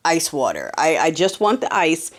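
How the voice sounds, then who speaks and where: A woman hosting a political commentary podcast in a casual, sarcastic monologue full of quick asides. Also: low-pitched, wildly swooping pitch.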